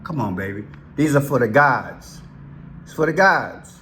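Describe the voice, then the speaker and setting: A man hosting a casual commentary vlog, excitable and repetitive as he points things out on screen. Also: mid-range voice, measured pace, a little hiss or hum. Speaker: vlog host.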